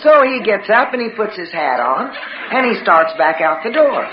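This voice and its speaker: A woman's voice: mid-range voice, sing-song, normal speed, crowd noise. A woman telling a personal story to a live audience, dramatically acting out the voices of her family. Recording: roomy, dull recording with background noise.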